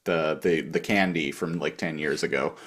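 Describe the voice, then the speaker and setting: A man's voice: very deep voice, fairly even intonation, moderate pace, fairly bright tone. A man co-hosting a podcast in casual chat, talking loosely with lots of "like". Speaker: podcast co-host.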